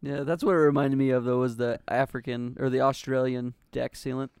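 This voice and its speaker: A man's voice: mid-range voice, little pitch movement, fairly quick, darkish tone, clear, resonant tone, no echo, clean studio sound. A man co-hosting a podcast over an online call, telling crude jokes and laughing at his own stories. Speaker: podcast co-host. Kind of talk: casual banter among friends.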